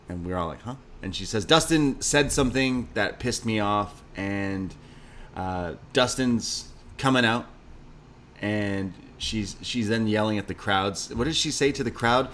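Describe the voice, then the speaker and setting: A man's voice: lowish voice, a little slow, fairly bright tone. A man co-hosting a live wrestling watch-along, chatting casually, laughing often and retelling what happens on screen. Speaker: livestream co-host.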